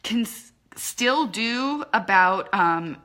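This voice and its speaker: A woman giving a casual live-stream tutorial on using social media for business, talking into a phone in quick, chatty bursts full of fillers. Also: medium pitch, expressive, pushed and bright.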